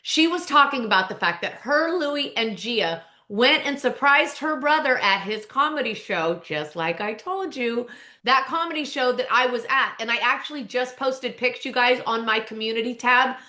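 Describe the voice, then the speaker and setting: A woman's voice: on the high side, lively intonation, moderate pace, pushed and bright, echoey room. A woman in her forties hosting a podcast, chatting casually and emotionally with her listeners. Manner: chatty, emotional, keeps saying "you guys". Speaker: podcast host. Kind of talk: casual chat.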